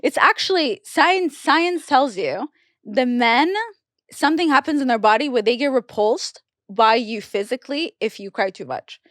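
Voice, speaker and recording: A young woman talking casually on a podcast, telling a personal story with animated, acted-out quotes. Her voice sits somewhat high. The sound is dry and close, with no room around it. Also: moderate pace, no room sound. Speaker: podcast guest. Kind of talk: casual chat.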